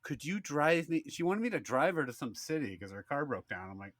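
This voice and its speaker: Casual male podcast host in his thirties, lively and bright, rambling anecdotes. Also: mid-range voice, fast, no echo. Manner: rambling, many "like"s, acts out quotes. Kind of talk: casual storytelling.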